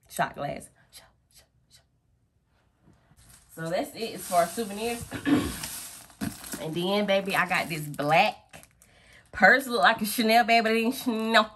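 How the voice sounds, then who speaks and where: A woman's voice: on the low side, expressive, normal speed, long pauses, fairly bright tone. Chatty young woman vlogging from home. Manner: chatty and playful, calls viewers baby and girl. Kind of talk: casual chat to camera. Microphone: phone camera.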